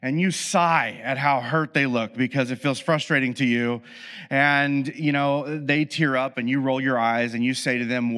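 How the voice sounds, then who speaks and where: A man's voice: medium pitch, steady tone, normal speed, fairly bright tone. A man explaining relationship patterns in a casual monologue, speaking to the listener as "you" and acting out both sides of everyday arguments. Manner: conversational, addresses listener as "you", acts out both sides of dialogues; frequent fillers and restarts, self-mocking asides. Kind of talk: explanatory monologue with acted scenarios. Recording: reverberant room.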